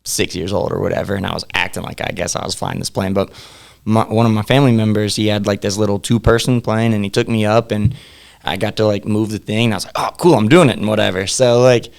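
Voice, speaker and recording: A man's voice: on the low side, fairly even intonation, fast, gravelly. A young man, a podcast guest, chatting casually in a laid-back, rambling way and laughing often. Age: young adult. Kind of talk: casual interview chat.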